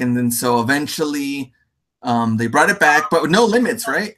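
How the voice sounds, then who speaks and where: A man hosting a casual livestream, relaxed and full of fillers, laughing easily. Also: medium pitch, unhurried. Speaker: livestream host.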